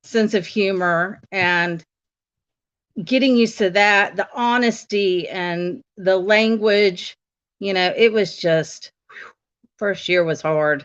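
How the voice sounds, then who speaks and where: A woman's voice: medium pitch, slow. A woman from the United States chatting casually on a live stream and telling stories, laughing often. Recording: dull, lo-fi stream audio.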